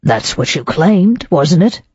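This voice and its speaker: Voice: mid-range voice, very animated, takes it slowly, a little mellow, slightly rough, dry recording, dull audio, heavily acted. A narrator voicing a gloomy, suspicious police inspector of about fifty who speaks in a stolid, skeptical way.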